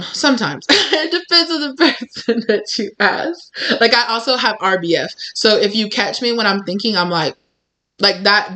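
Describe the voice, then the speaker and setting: A woman's voice: medium pitch, pushed and bright. A young woman reading tarot for her channel, talking candidly and emphatically in a loose, chatty way full of "like" and "you know". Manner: candid, emphatic, uses fillers like "like". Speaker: tarot reader. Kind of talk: casual tarot reading monologue.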